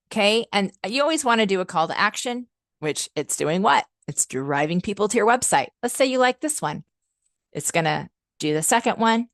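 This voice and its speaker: A woman with a fairly low voice leads a software training webinar as a customer success manager. She talks in an upbeat, chatty, enthusiastic way and often uses "like" and "um." Her voice is recorded close and dry, with no room sound. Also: dry recording. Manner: frequent "like" and "um" fillers.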